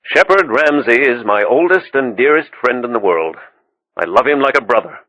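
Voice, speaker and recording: A man voicing an earnest, smitten naval officer who talks in a warm, slightly hesitant way. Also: mid-range voice, lively intonation, normal speed, dry recording, pitched above the performer's own voice. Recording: dull, dry audiobook recording.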